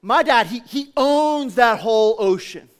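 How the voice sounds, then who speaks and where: Man doing a poor little girl with quiet confidence, high voice. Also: expressive, slow pace. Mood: calm. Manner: builds from quiet to exultant shouting.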